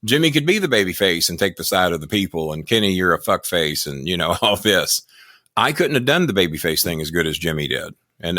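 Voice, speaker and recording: Older American man, former wrestling manager, profane, boastful, bright lower voice, dry close sound. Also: no echo. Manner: profane, boastful, rambling anecdotes. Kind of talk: casual storytelling chat.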